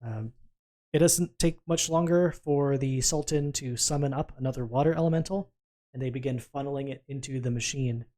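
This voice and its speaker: Brisk man running a tabletop game. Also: medium pitch, warm tone. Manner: brisk, calls for dice rolls and narrates results. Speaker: game master.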